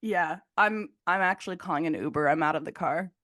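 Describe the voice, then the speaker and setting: Young woman firing off quick jokes. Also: on the low side, a bit bright, dry recording, studio quality. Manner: quick jokey interjections, swearing. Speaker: podcast co-host. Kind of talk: casual chat.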